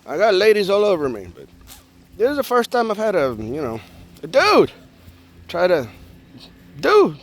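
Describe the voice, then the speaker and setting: A man vlogging, telling a personal story in a joking, animated way and acting out the people in it. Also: sits high, moderate pace, pauses often. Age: adult with a young daughter. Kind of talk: casual storytelling to camera.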